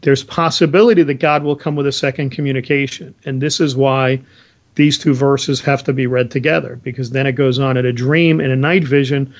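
A man's voice: mid-range voice, fairly even intonation, a little fast, highs cut off. A man co-hosting a Bible discussion, explaining verses earnestly and reading scripture aloud. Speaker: Bible study co-host.

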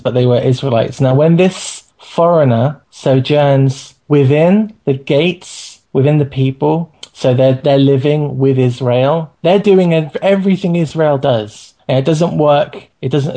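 A man with a relaxed, dark voice talks through scripture in an easygoing podcast chat. He reads verses off his screen and restarts his sentences as he thinks. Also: fairly high pitch. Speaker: co-host of a Bible study podcast. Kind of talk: casual discussion of scripture.

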